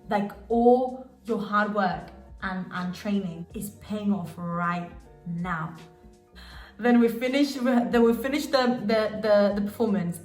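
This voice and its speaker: Brief: young female vlogger, excitable storyteller, echoey room, faint music under. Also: mid-range voice. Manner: gushing, emotional, lots of fillers and restarts. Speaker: dancer and vlogger. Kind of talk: casual storytelling vlog. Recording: roomy sound with faint music.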